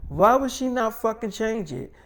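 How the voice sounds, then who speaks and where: A man's voice: sits high, expressive, normal speed, a bit bright, voice pushed up. A man voicing a jealous, hot-tempered young wife who curses and talks with sass, in an improvised freestyle story. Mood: pushy. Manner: sassy, cursing, petulant.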